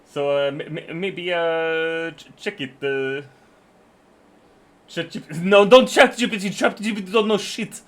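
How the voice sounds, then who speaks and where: A man's voice: fairly high pitch, measured pace, a bit bright. A male live streamer with a slightly raised voice chats casually while reading terms of service aloud. He swears freely and jokes along, often stammering and starting his sentences over. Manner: profane, joking, stammers and restarts often.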